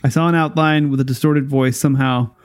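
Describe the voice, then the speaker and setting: A man co-hosting a podcast in casual chat, jokey and quick to laugh. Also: medium pitch, steady tone. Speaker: podcast co-host.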